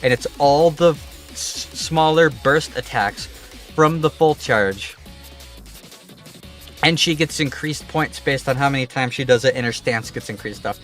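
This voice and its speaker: A man's voice: mid-range voice, a little slow, fairly bright tone, soft background music. A man streaming a game, chatting casually in a rambling, profane, offhand way. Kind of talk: casual livestream chat.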